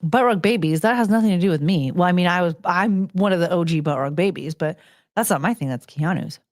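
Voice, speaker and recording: A woman hosting her own show, chatting casually with viewers and cooing to her dogs in soft baby talk, laughing often and trailing off mid-sentence. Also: lowish voice, fairly quick, dry recording, clean studio sound.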